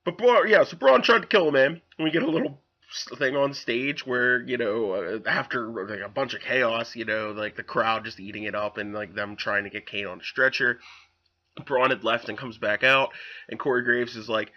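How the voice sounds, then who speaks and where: A young man casually recapping a wrestling show, rambling and animated with lots of fillers. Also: medium pitch, normal speed, muffled recording.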